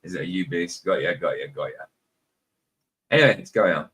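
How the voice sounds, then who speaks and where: A man's voice: low-pitched, animated, a little fast, fairly bright tone, faint music behind. A British man hosting a casual podcast chat, rambling and laughing often. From United Kingdom. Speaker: podcast host.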